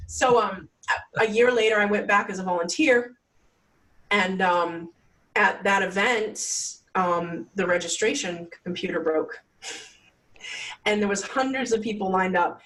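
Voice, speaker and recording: A woman's voice: medium pitch, moderate pace, a bit bright, distant mic, poor audio. A woman guest telling her story in a casual interview, chatty and full of "like" fillers. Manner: chatty, many "like" fillers, acts out quotes. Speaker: podcast guest.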